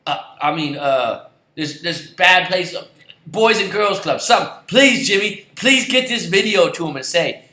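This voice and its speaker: A man's voice: high voice, expressive, unhurried, bright, forceful tone. A man and football fan ranting in a heated, sarcastic way, swearing and repeating himself. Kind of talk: angry ranting vlog. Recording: roomy echoey recording.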